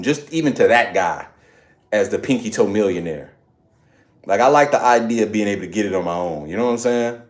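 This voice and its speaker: A man's voice: lowish voice, fairly quick. A man chatting casually with his live audience during a workout, laid-back and joking. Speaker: fitness streamer. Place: home workout space, indoors.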